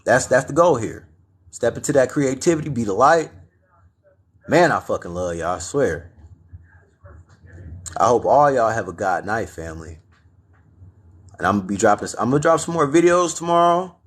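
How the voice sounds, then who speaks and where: A man's voice: mid-range voice, expressive, normal speed, pauses often, slightly rough. A man hosting a late-night live stream, talking casually with lots of slang and motivating his viewers, whom he calls family. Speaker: livestream host.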